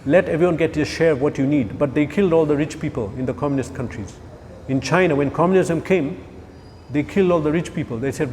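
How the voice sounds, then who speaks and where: A man gives a lively scripture class, firing questions at his listeners and joking along the way. His voice sits a little high. The sound has a long hall echo, with faint traffic noise behind it. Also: fast talker. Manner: animated, rhetorical questions, jokes with listeners. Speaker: spiritual teacher.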